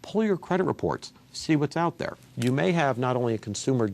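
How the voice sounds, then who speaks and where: A man's voice: medium pitch, animated, fairly quick, vocal fry, a little mellow, a little hiss or hum. A man, a consumer law attorney, explaining a legal question to viewers in a conversational way and walking through examples. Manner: conversational, walks through examples, addresses folks.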